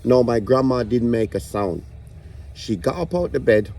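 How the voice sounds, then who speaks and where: A man's voice: mid-range voice, expressive, moderate pace, dark tone. A man telling a stand-up story about his grandma, swearing and ranting in exasperation. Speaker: comedian.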